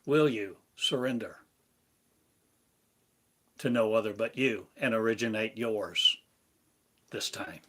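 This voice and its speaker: Man, spiritual teacher, unhurried delivery, chant-like repetition. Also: on the low side, fairly bright tone, breathy edge. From United States. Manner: slow, incantatory, repetitive phrasing. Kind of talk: slow meditative sermon.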